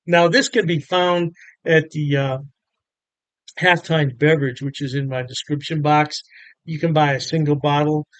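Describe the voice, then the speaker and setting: A man's voice: on the high side, steady tone, unhurried, a bit bright, smooth, no room sound. Chatty, upbeat beer-reviewing man. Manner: chatty and upbeat, with frequent fillers. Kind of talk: casual beer review to camera.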